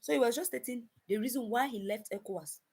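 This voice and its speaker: Woman, husky voice, emphatic casual commentary, repeats herself, talks to viewers. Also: fairly high pitch, fast talker, a little mellow. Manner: emphatic, repeats phrases, addresses viewers as guys; frequent restarts and stumbles.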